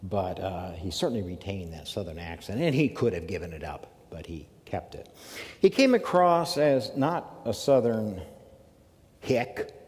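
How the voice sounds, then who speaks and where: A man from the American South giving a measured academic lecture, with emphatic phrasing and pauses. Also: low voice, very animated, in a large hall. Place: lecture hall.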